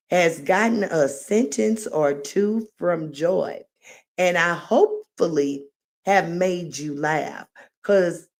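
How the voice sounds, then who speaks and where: Slow, chatty woman hosting a live stream. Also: on the low side, a little mellow. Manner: chatty and rambling, laughs at her own jokes; refers to herself by name in the third person. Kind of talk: casual live-stream chat.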